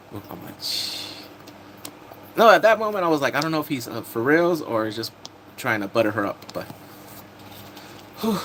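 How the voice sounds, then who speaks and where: Chatting casually on a live stream, a man recaps TV episodes and greets viewers, laughing and animated. His voice sits at medium pitch, with slight background noise.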